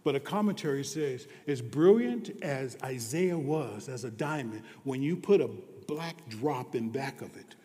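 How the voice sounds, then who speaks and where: A man preaching a sermon as pastor, earnest, moving between hushed and emphatic delivery. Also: medium pitch, lively intonation, a little slow, few pauses. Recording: long reverb of a large hall.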